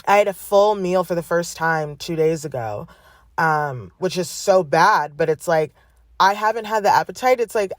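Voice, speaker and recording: A woman's voice: fairly low pitch, no room sound, studio quality. Blunt, swearing woman podcaster. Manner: blunt, heavy swearing, halting restarts. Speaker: podcast host. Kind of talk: candid personal monologue.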